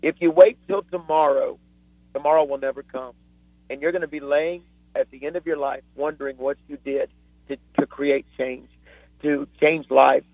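A man's voice: a little high, steady tone, moderate pace, dry recording. A man preaching with fervent, earnest storytelling as a guest author on a radio talk show. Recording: dry tinny phone line.

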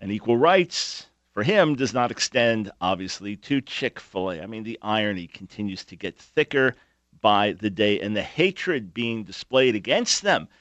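A man's voice: fairly low pitch, expressive, moderate pace, fairly bright tone, no echo. A man hosting a talk radio show, speaking emphatically with sarcastic asides.

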